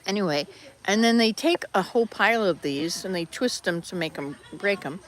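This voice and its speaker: A woman's voice: mid-range voice, lively intonation, moderate pace. An older woman chatting casually in a travel vlog, rambling and correcting herself as she goes, filming outdoors by a hut. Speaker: vlogger. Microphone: handheld camera.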